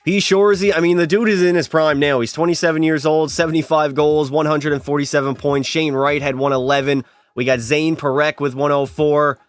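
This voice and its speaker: A man's voice: a little high, fairly even intonation, a little fast, clean tone, no room sound. A young man live-streaming a hockey video game, chatting and teasing his viewers as he plays. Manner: chatty, teasing, banters with chat.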